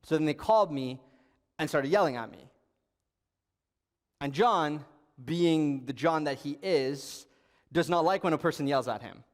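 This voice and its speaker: Young male youth pastor, casual storytelling sermon, slightly high voice, long hall reverb. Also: measured pace, pauses often. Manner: storytelling, conversational, with bursts of emphasis.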